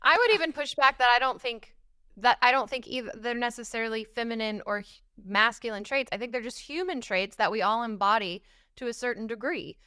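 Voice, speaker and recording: Bright, clear-voiced woman co-host. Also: a little high, brisk, no echo, studio quality. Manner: direct, pushes back calmly. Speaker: podcast co-host. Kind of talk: casual commentary chat.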